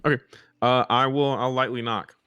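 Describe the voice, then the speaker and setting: A man's voice: medium pitch, fairly even intonation, normal speed, sharp tone, clear, resonant tone, dry recording, lo-fi sound. A man playing a tabletop game on stream, chatting casually in a laid-back way. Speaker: player and streamer. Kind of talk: casual chat. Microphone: boom-arm mic.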